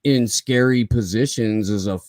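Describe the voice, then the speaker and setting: A man's voice: on the low side, moderate pace, a little mellow, no echo. A man hosting a podcast in casual chat, crude and joking, swearing freely.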